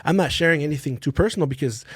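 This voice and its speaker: A man in casual podcast chat, swearing freely and acting out what other people said in animated bursts. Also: on the high side, racing, husky, dry recording. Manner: profane, animated, acts out quoted dialogue.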